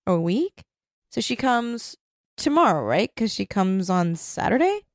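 A woman's voice: a little high, big pitch swings, measured pace, no echo, clean studio sound. A woman in casual conversation about a novel, thinking aloud in a rambling way full of "like". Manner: rambling, heavy use of "like". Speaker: book discussion co-host. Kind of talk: casual book chat.

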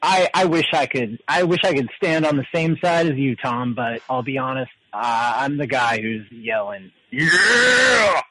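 A man's voice: mid-range voice, steady tone, moderate pace, hardly any pauses, a bit bright, no room sound, poor audio. Stammering male caller, dry sound. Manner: hesitant, stammering, easygoing. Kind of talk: casual phone-in chat.

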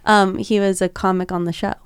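A woman's voice: medium pitch, little pitch movement, brisk, clear, resonant tone, no echo. A young woman comedian on a podcast, chatty and giggly as she tells dating stories in a studio. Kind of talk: casual chat, telling dating stories.

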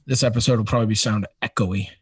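A man's voice: on the low side, fairly even intonation, rapid-fire, husky. A man on a podcast as a guest, talking from a hotel room in goofy, scattered, joking banter.

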